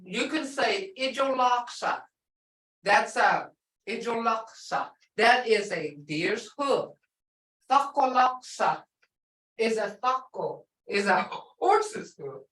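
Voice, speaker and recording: A woman instructor who speaks slowly and deliberately, repeating example words for her students. Her voice sits a little high. The sound is roomy and picked up from a distant mic. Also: lively intonation, a bit bright. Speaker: language instructor. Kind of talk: teaching a language class.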